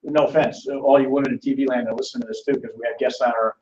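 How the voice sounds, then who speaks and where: A man's voice: mid-range voice, steady tone, very fast, a little mellow, slight background noise. A man hosting a live financial seminar, telling stories with acted-out voices and calling on audience members by name. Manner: acts out quoted voices in storytelling. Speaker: seminar host. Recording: roomy, distant, dull lo-fi.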